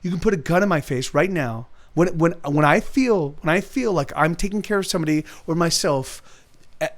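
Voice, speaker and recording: A man with a voice on the high side talks briskly in a rambling, profane monologue as a livestream host. He restarts his sentences often, repeats himself, and answers chat readers by name.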